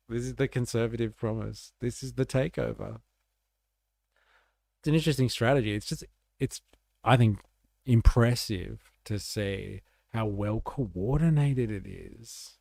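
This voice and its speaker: A man's voice: mid-range voice, a little slow, gravelly, long pauses, a little mellow, dry recording, studio quality. A man giving casual, sarcastic political commentary on a livestream, rambling and reacting to clips. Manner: live-translates German clips.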